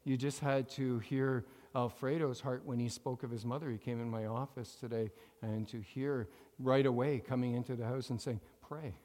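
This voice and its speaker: A pastor preaching a sermon to his congregation, calling for amens and having them repeat lines after him, moving between loud emphatic phrases and quiet asides. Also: medium pitch, steady tone, moderate pace, hardly any pauses, in a large hall. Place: church sanctuary.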